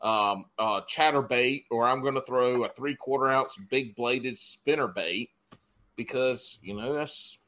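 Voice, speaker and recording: A man's voice: mid-range voice, measured pace, bright, forceful tone. A man co-hosting a podcast, joking and teasing in casual banter. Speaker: podcast co-host.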